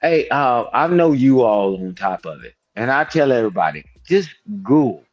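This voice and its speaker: A man's voice: mid-range voice, expressive, moderate pace, lo-fi sound. Emphatic older man on a livestream panel. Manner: emphatic, repeats "I'm telling you", preachy. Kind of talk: heated panel discussion.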